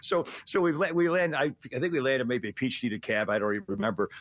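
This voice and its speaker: A man's voice: medium pitch, animated, quick pace, fairly bright tone. An older man hosting a talk radio show, chatting casually, rambling with sarcastic jokes, frequent laughs and stammered restarts.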